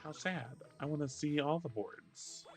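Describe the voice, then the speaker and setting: A man's voice: a little high, unhurried, soft background music. A man streaming a video game, wryly commenting and reading out its dialogue. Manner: wry, reads game dialogue aloud. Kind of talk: gameplay commentary.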